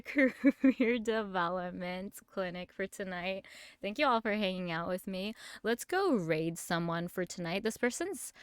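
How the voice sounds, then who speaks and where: A woman's voice: medium pitch, dry recording. A young woman hosting a casual livestream, talking into a desk mic and laughing often. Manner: giggly, laughs often, sings playfully. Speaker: livestream host. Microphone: desk microphone.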